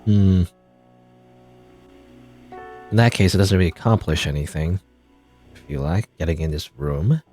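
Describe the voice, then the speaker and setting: Unhurried and prone to long pauses, this man's low, darkish voice carries casual gameplay commentary over faint background music. As a let's play gamer, he rambles, chuckles, and cuts himself off while thinking aloud.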